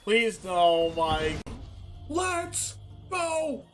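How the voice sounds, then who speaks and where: A young man streaming a card game, reacting to his plays with excited shouts, laughter and groans. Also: sits high, very slow, faint music behind. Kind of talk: excited live gameplay commentary.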